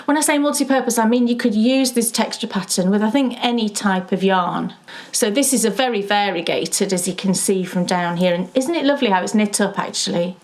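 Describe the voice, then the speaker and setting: A woman co-hosting a knitting show, talking in a chatty, enthusiastic way and quick to agree. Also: mid-range voice. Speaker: co-host of a knitting video show. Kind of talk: casual chat.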